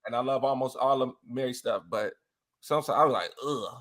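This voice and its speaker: A man's voice: medium pitch, fast talker. A man talking casually as a guest, laughing often and singing bits of songs. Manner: animated, laughs often, sings snippets of songs. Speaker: interview guest, R&B enthusiast. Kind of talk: casual chat.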